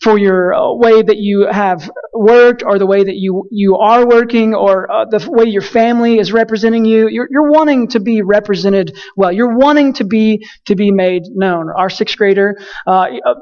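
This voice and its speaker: A man's voice: sits high, moderate pace, few pauses, muffled recording. Conversational man preaching a sermon. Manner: conversational, frequent fillers and restarts, storytelling. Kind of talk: casual sermon with a personal story.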